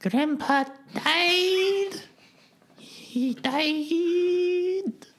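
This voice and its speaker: A man playing a woman named Patrice who talks in a shrill, squeaky falsetto. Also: drawn-out words, a bit bright, heavily acted. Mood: wailing. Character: woman Patrice doing a squeaky sex-cat voice.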